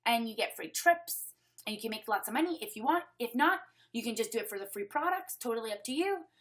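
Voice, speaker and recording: A woman's voice: on the high side, bright, forceful tone. A Canadian woman hosting a casual online sales training over webcam, chatty and upbeat, reading names from the chat as she talks.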